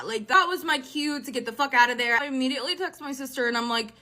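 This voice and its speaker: A young woman with a high, bright voice tells a dating horror story. Her storytime is casual and animated, full of fillers and curses. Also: fast talker, few pauses. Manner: animated, swearing, filler-heavy retelling.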